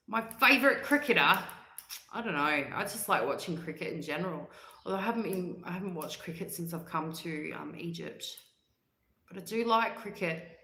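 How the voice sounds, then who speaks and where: An Australian woman in her forties chats casually with her livestream viewers, blunt and animated as she tells her stories. Her voice sits fairly low but sounds bright and forceful, and a roomy echo hangs around it. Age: 40s. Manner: animated storyteller, blunt and outspoken. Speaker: livestream host.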